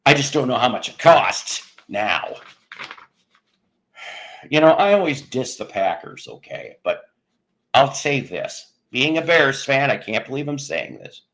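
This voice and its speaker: A man's voice: mid-range voice, very animated, unhurried, a bit bright. Guy running a live stream, rambly crude jokes, voice swings up and down a lot. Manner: rambling, jokey, crude humor, laughs at own jokes. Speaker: livestream host. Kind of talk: casual chat with live viewers.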